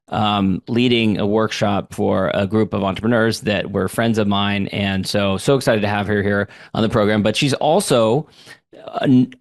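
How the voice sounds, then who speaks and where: A man's voice: medium pitch, dry recording, studio quality. A man hosting a business interview podcast, talking in an enthusiastic, conversational way. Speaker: podcast host.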